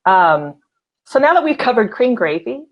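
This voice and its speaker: A woman's voice: on the high side, big pitch swings, moderate pace, lo-fi sound. A woman hosting a casual live-stream talk show, laughing often and reading out viewer comments. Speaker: host.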